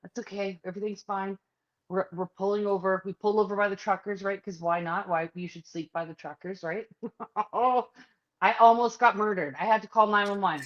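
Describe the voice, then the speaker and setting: A podcast co-host with a mid-range voice speaks at normal speed over lo-fi sound, casually sharing a personal story. She swears freely and animatedly performs other people's lines as she goes.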